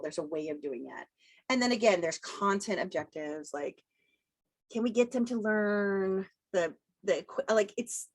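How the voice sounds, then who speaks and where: A middle-aged woman giving a casual college lecture, chatty and quick to laugh, acting out quotes in playful voices. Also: mid-range voice. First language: English. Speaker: college instructor.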